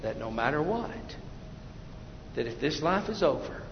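A male pastor preaching an evangelistic sermon, swinging from loud urgent appeals to hushed prayer. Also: a little high, very animated, moderate pace. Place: church sanctuary. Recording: dull echoey church hall recording with faint noise.

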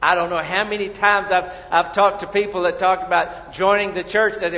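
A man's voice: high-pitched, steady tone, fairly quick, few pauses. A male pastor preaching a sermon in a church, earnest and conversational, repeating his words and asking the congregation questions. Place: church sanctuary. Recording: dull audio with long hall reverb.

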